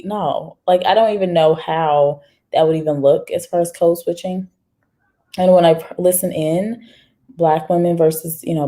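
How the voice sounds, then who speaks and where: A woman's voice: deep voice, warm tone. A woman hosting a casual live stream, chatting straight to viewers and reading their comments aloud. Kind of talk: casual livestream chat.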